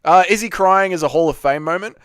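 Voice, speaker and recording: Hosting a casual livestream, a young Australian man chats, reads out viewer comments, calls people by name, and swears freely. His voice is high and a little fast, a bit bright and clean in tone. It's recorded clean in a studio with no room sound.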